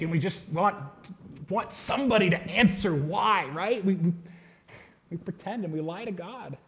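A man preaching a sermon to a congregation in a casual, conversational way, swinging between loud emphatic bursts and quiet, low asides. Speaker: pastor. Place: church hall with a congregation.

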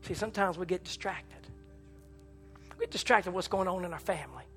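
Fiery preacher man over organ. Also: fairly quick. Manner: impassioned, rising to shouts and dropping low. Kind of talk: sermon. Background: church organ chords.

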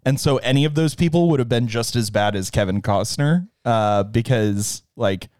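A man's voice: medium pitch, normal speed, darkish tone, dry recording, studio quality. A man co-hosting a casual movie podcast, chatty and laughing often. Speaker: podcast co-host.

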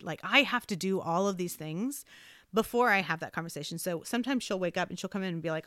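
Lowish-voiced woman podcast host. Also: fast talker, a bit bright, no room sound, studio quality. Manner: conversational, many fillers and restarts. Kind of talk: casual self-help podcast talk.

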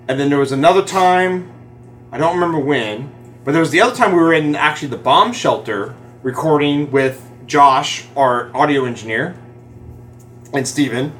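A man hosting a casual engineering podcast, easygoing and rambling, speaking into a boom mic in a studio room. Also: a bit bright, slight background noise. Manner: easygoing, rambling, laughs often. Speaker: podcast host.

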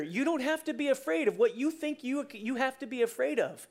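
Preacher telling a story in a sermon: lively, chatty, acts out the scenes. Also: mid-range voice, normal speed, hardly any pauses. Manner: conversational, with restarts and asides.

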